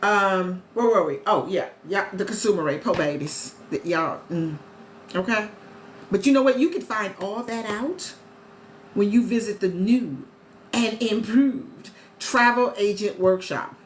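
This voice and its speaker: A woman chatting casually to viewers on a live stream as a travel agent host, animated and talkative. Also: medium pitch, unhurried. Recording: echoey room with faint ambient noise.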